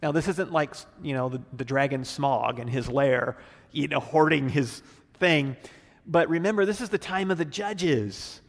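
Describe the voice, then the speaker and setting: A man preaching as a pastor, teaching through a Bible passage in a relaxed, casual way, acting out the characters' lines. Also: on the high side, measured pace, long reverb tail.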